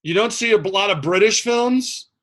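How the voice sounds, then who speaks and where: A man's voice: high voice, moderate pace, a bit bright. A man teaching a casual history class, chatty, making joking asides and using plenty of fillers.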